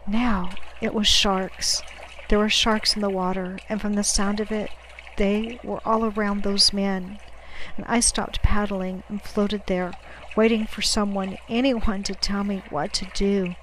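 A woman reading a first-person audiobook narration in a measured, dramatic way, dropping to a hush at tense moments. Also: mid-range voice, level tone, slight background noise, low-quality recording.

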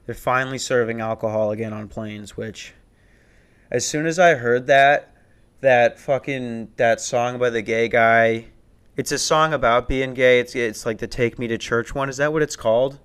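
A man's voice: medium pitch, fairly bright tone, clean tone. A young adult man telling stories on a podcast in a casual, rambling way, swearing and laughing often and restarting his sentences. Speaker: podcast host. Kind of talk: casual storytelling chat.

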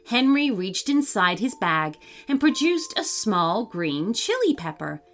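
A woman reading a children's story aloud as scripted narration, in an expressive storytelling manner. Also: mid-range voice, measured pace. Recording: faint music under the voice.

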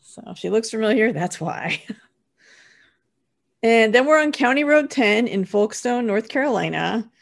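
A woman co-hosting a podcast, chatting and recapping a TV episode in a relaxed, conversational way. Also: a little high, moderate pace, creaky, long pauses. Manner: conversational, with hedging fillers. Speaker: podcast co-host. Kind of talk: casual chat and episode recap.

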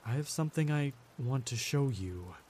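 A man voicing a creature that mimics a young man, speaking slowly in a halting, stammering way. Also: medium pitch, animated, mellow, slight background noise, close to an everyday voice. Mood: coaxing.

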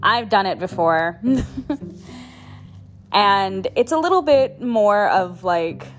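A woman's voice: mid-range voice, lively intonation, slow pace, soft background music. A woman hosting her own podcast, talking in a casual motivational monologue, chatty, laughing often and swearing for emphasis. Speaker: podcast host.

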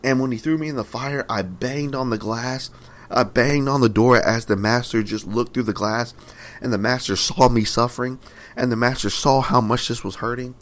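A man's voice: mid-range voice, moderate pace, a bit bright, natural voice. A young man in his twenties voicing a talking clay cup that pleads with its maker, asking the same anguished questions over and over. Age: 20s.

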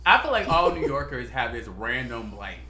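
A man chatting as podcast co-host, animated and slangy with a steady stream of "like." His voice is bright and a little sharp. The room gives it a roomy echo. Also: medium pitch, normal speed. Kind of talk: casual chat.

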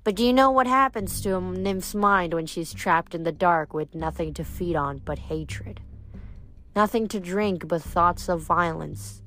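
A woman reading aloud, voicing a bitter, vengeful ancient female water nymph in a slow, menacing way. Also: fairly low pitch, fairly bright tone, soft background music.

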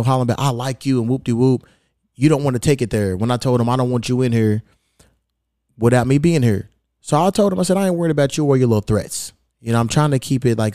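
A man hosting a podcast, telling a long story in a heated, profane, animated way. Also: medium pitch, no room sound, clean studio sound. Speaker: podcast host. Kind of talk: casual storytelling rant.

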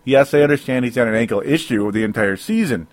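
A man's voice: mid-range voice, fast, dry recording. Rambling man venting about football. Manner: rambling, self-interrupting, frequent rueful laughs. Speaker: sports commentator. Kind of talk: solo sports opinion podcast.

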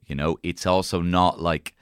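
A man's voice: low voice, little pitch movement, moderate pace, smooth, dry recording, clean studio sound. A man hosting a casual podcast chat, rambling and hesitant. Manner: rambling, hesitant, restarts often. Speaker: podcast host.

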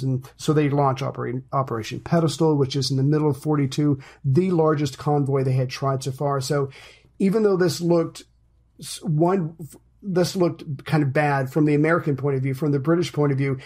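A man's voice: fairly high pitch, darkish tone. A man co-hosting a casual history podcast, explaining things step by step in a chatty way. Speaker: podcast co-host.

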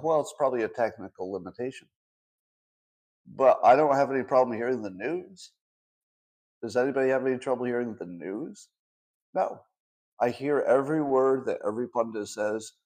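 A man in his sixties hosts a solo commentary show in a loose, conversational way. He speaks at a middling pitch and leans on sarcasm, firing off rhetorical questions and answering them himself. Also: a little mellow. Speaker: host.

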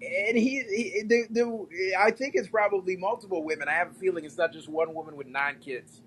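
Animated man telling stories. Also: sits high, brisk, slight background noise, low-quality recording. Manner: animated, repeats himself, laughs often. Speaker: podcast guest. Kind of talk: casual storytelling chat.

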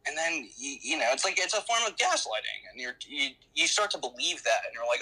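A man with a very bright, edgy voice that carries a husky grain. He recounts his story in a loose, rambling way, circling back with restarts and fillers as a guest in an interview. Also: mid-range voice, expressive, fairly quick, hardly any pauses, rough recording.

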